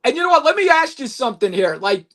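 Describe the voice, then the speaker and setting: A man chatting about his acting auditions in an excitable way, laughing often and repeating his words. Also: very high voice, quick pace. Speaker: actor guest. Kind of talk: casual chat.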